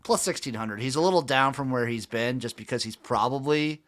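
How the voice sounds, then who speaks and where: A man co-hosting a casual sports betting podcast who is excitable and swears freely. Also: mid-range voice, brisk. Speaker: co-host.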